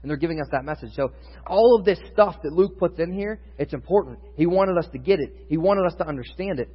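A man's voice: a little high, fast talker, breathy edge. A man preaching a sermon in a conversational teaching style, building in intensity at times. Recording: muffled sound with long reverb in a hall.

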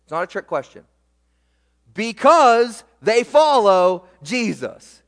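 A young man preaching a sermon as pastor, animated and emphatic, repeating words for weight. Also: high voice, slow pace. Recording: echoey hall reverb.

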